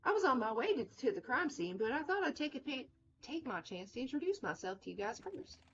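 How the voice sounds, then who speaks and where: A woman voicing a friendly young woman forensic tech with a put-on Southern US accent, speaking high and bubbly. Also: very animated, fairly quick, a little hiss or hum, heavily acted. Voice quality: bright, bubbly. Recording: dull lo-fi with music.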